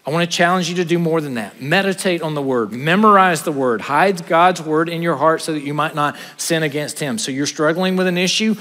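A man, a pastor preaching an earnest sermon to his congregation, trading quick asides for slow, stressed points. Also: on the high side, bright, forceful tone, big-room sound. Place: church sanctuary.

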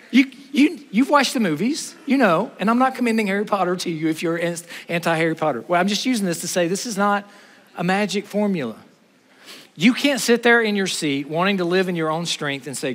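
A man preaching a sermon in an animated way, joking with and talking to the crowd. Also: on the high side, in a large hall. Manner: animated, talks to the crowd, uses humor.

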